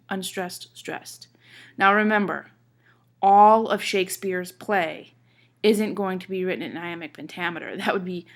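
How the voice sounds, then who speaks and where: A woman teaching a class, explaining step by step, checking in with her listeners and reading verse aloud with marked stresses. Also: lowish voice. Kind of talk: classroom lecture on poetry.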